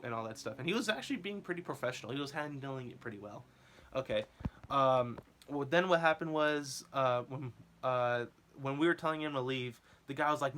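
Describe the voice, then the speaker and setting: A man's voice: medium pitch, a little fast, a bit bright. A rambling young man telling a story. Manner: rambling, laughing often, lots of filler words. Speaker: vlogger. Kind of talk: casual storytelling.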